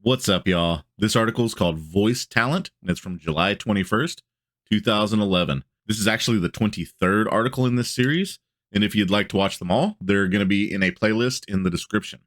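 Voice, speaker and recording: Laid-back male host, deep voice, reading and commenting, close dry mic. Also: fairly quick, a bit bright, dry recording. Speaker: tabletop game channel host. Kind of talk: reading a blog aloud with casual commentary.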